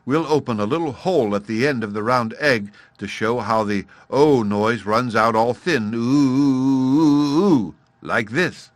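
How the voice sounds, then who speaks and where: A man's voice: fairly low pitch, normal speed, few pauses, fairly bright tone, no room sound, close to an everyday voice. A man voicing a thoughtful, playful caveman father who patiently explains things in a storybook reading. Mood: eager.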